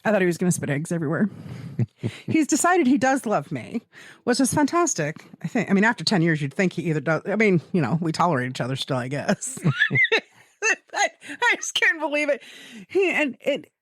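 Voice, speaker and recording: Lively, rambling podcast woman. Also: lowish voice, brisk, no room sound, clean studio sound. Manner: rambling, laughs often, swears freely. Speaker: podcast co-host. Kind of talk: casual chat.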